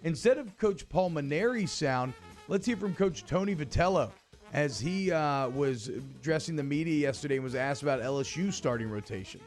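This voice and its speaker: A man hosting sports talk radio, chatty and energetic, with loose casual banter. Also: a little high, moderate pace, soft background music.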